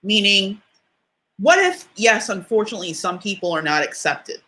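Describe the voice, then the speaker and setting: Medium in pitch and sing-song with a sharp edge, her voice moves at normal speed as she tells livestream viewers a story from her own life. The motivational speaker stays conversational and direct, laughing even as she's on the verge of tears.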